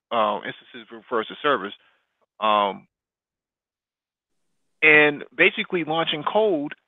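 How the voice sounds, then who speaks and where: A man's voice: mid-range voice, dry recording. A man co-hosting a casual podcast about economics and technology, explaining at length with many fillers and restarts. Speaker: podcast co-host. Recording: dry tinny phone-like line.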